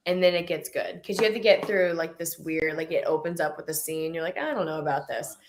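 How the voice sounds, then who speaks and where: A woman's voice: low-pitched, steady tone, a little fast, slight background noise. A woman co-hosting a casual movie review chat, enthusiastic and gushing, laughing often. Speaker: podcast co-host.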